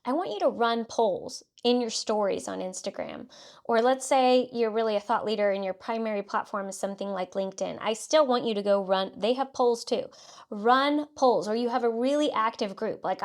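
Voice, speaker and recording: A woman's voice: fairly high pitch, moderate pace. A woman from South Texas with a light Southern twang, hosting a solo podcast and coaching listeners with upbeat, direct instructions. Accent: light Southern US country twang. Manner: upbeat, coaching, direct second-person instructions with frequent "okay" and "let's say". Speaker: podcast host and marketing consultant.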